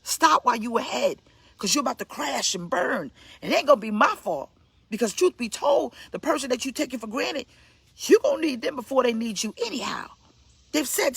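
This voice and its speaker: Emphatic New woman preacher, breathy voice. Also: sing-song, a little fast, dry recording. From Brooklyn, New York. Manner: blunt, emphatic, scolding, with sudden pitch leaps. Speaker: pastor. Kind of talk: preaching sermon.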